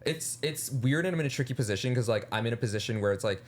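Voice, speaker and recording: A man chatting as a podcast guest, blunt and animated, swearing freely and laughing often as he tells stories. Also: mid-range voice, fast talker. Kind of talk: casual chat. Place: podcast studio.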